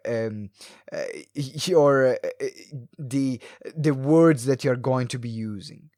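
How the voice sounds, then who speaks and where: A man hosting a solo live video talk for entrepreneurs, animated and fast-talking, swinging his pitch and pace, with many ums and uhs. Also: dry recording, clean studio sound. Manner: animated, varies pace and pitch with frequent fillers. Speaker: podcast host. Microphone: close mic, live video stream.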